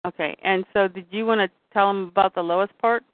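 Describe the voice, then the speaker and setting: A woman's voice: mid-range voice, steady tone, fairly quick, no echo. A woman recapping a comic book story in casual chat, quoting the characters' lines as she retells the scenes. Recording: dry, tinny phone-like sound.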